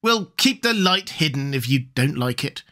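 A man's voice: mid-range voice, very animated, normal speed, bright, forceful tone. A man playing a blunt, plain-spoken skipper of a fishing schooner. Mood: gruff.

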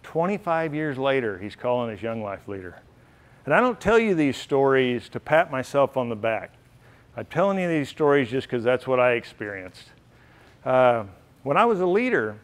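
A middle-aged man giving an earnest, heartfelt storytelling speech at a banquet. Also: mid-range voice. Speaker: banquet speaker. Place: banquet hall.

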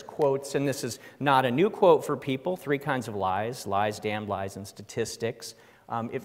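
A middle-aged man giving a humorous lecture as a professor, wry and self-deprecating, acting out quotes. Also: mid-range voice. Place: large lecture hall. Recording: long hall reverb.

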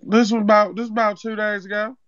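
A man's voice: high-pitched, flat delivery, fast talker, fairly bright tone. A man voicing an irate young male customer with a put-on accent in a prank call, threatening and demanding in street slang. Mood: complaining. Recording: muffled phone-call recording.

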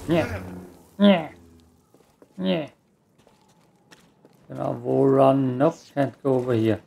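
A man's voice: medium pitch, takes it slowly, creaky, long pauses, mellow. A man with a German accent, a native German speaker, giving rambling, self-mocking let's play commentary and cursing at the game. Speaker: gamer.

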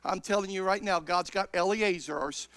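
High, bright-voiced fervent male preacher. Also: moderate pace, clear, resonant tone, dry recording. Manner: fervent, shouting in bursts, stretching words. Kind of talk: Pentecostal sermon. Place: church sanctuary.

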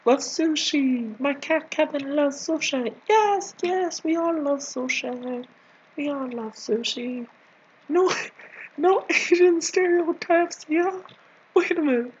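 In a very high, slow put-on voice, a male video creator plays a bossy, scolding comic nanny, rambling and teasing with sudden whispers in an improvised rant. The sound is lo-fi.

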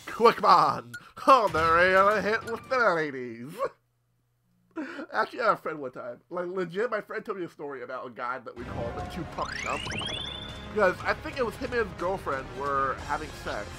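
A young man giving loud, profane let's play commentary, yelling at enemies as he plays. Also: a little high, moderate pace. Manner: excitable, swears a lot, yells at enemies. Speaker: gameplay commentator. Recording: game music behind the voice.

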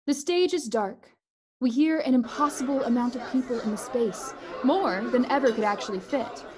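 A woman reads out the stage directions of a comic play. Her fairly high voice stays brisk and matter-of-fact throughout. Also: darkish tone, some chatter behind. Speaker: narrator reading stage directions.

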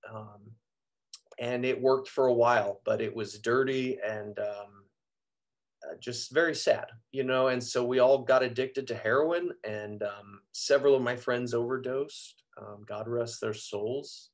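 A priest speaking as a guest, giving an earnest, reflective personal testimony with frequent pauses and fillers. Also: male voice, mid-range voice. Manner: earnest, reflective, frequent ums and you-knows.

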